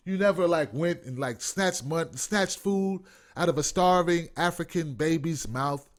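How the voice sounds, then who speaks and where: A male online show host delivers a sarcastic, profane livestream rant. His fairly high voice swings widely in pitch as he riffs and mocks. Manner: profane, sarcastic, animated ranting.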